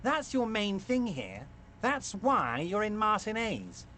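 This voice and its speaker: A man's voice: high voice, huge pitch swings, takes it slowly, bright, forceful tone, slight background noise, voice pushed up, exaggerated voice. A man voicing a smug, fawning, powerful middle-aged man who speaks with mock concern.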